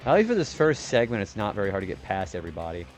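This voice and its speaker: A man's voice: lowish voice, big pitch swings, rapid-fire, faint music behind. A young man streaming a retro game, rambling casually about his day and swearing when he misses a turn. He describes his own voice as nerdy. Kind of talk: casual gaming stream chat.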